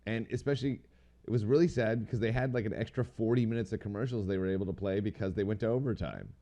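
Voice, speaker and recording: A man's voice: on the low side, fast talker, warm tone. A man co-hosting a podcast, chatting casually in a rambling, slangy way and swearing now and then. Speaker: podcast co-host. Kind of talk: casual chat.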